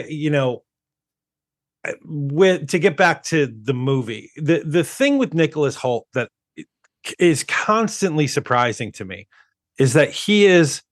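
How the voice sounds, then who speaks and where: A man's voice: fairly high pitch, no echo, studio quality. Man chatting casually about movies. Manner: rambling, restarts often, animated. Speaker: podcast co-host.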